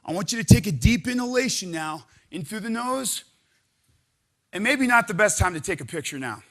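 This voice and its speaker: Man, exercise instructor, energetic coaching to a live audience, high voice, bright tone. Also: quick pace. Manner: energetic, coaching, counts out loud. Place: conference room with audience.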